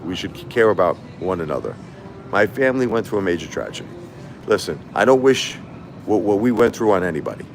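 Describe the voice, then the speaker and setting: A man hosting a casual livestream, telling a long story in a rambling, repetitive way. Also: lowish voice. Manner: rambling, repetitive, animated when quoting others. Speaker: livestream host.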